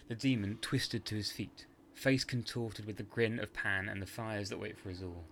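A man tells a dark tale in scripted podcast narration, measured and hushed. His voice is very deep, yet crisp and forceful, with a faint hiss behind it. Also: steady tone. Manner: measured, hushed dramatic storytelling. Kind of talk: scripted horror story narration.

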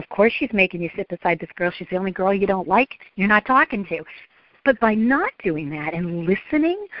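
A woman's voice: medium pitch, dry recording, muffled recording. A woman therapist and speaker, a guest in an interview, telling stories and acting out the voices of parents and kids. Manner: animated storyteller acting out parent and child voices. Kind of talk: interview conversation.

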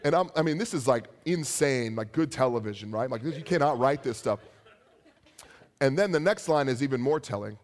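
A young adult man preaching a sermon as a pastor, telling stories with animated asides. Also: mid-range voice, moderate pace.

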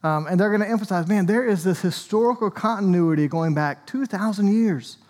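A man's voice: high voice, a little fast, darkish tone, big-room sound. A man, an Anglican priest, preaching a sermon in a conversational way with joking asides. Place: church.

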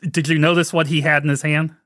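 A man's voice: on the high side, flat delivery, fast, a bit bright, no echo, studio quality. A man co-hosting a podcast, chatting casually and laughing often as he recounts scenes. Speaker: podcast co-host. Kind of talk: casual chat.

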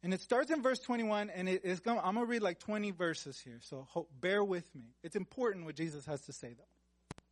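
A man's voice: high-pitched, fairly quick, no room sound. A man preaching a conversational sermon, reading Bible verses aloud and breaking off for casual, joking asides.

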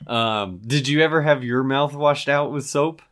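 A young man with a mid-range voice chats casually, recounting memories. He pauses often to collect his thoughts, and his tone stays relaxed the whole way through.

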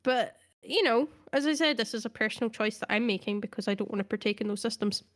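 A woman's voice: on the high side, quick pace, fairly bright tone. A woman co-hosting a casual podcast chat, talking earnestly and laughing often. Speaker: podcast co-host.

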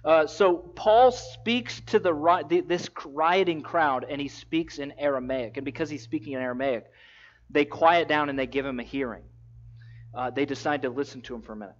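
A man preaching a sermon, retelling a story in a lively, casual way and acting out the quotes. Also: a little high, moderate pace. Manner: animated storytelling, acts out quotes in casual voices. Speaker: pastor. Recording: dull lo-fi sound.

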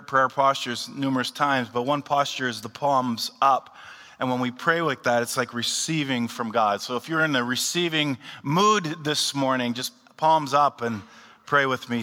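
A man speaking as a pastor, giving a sermon and calmly leading his congregation in a recited prayer. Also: mid-range voice. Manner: calm, unhurried, leads a recited prayer. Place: church hall. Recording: long hall reverb.

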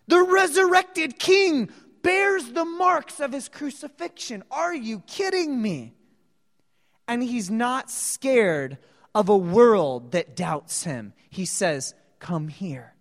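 A woman preaching a sermon, telling the story dramatically and acting out the voices of the people in it. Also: on the high side. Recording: long reverb of a large hall.

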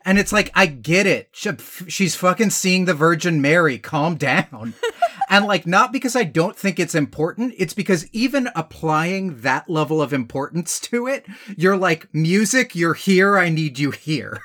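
A man's voice: a little high, animated, normal speed, a bit bright. A man co-hosting a casual film review chat, blunt, profane and exasperated. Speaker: podcast co-host.

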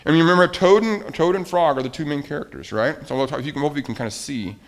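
A man's voice: fairly high pitch, rapid-fire. A man preaching as pastor in a children's sermon, coaxing the kids with questions and explanations.

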